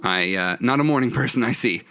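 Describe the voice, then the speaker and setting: A man's voice: mid-range voice, lively intonation, a little fast, sharp tone, clean tone, no room sound, clean studio sound. A man voicing a friendly outlaw leader who teases a late riser, in a tabletop game. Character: cheerful adult male outlaw leader, Robin.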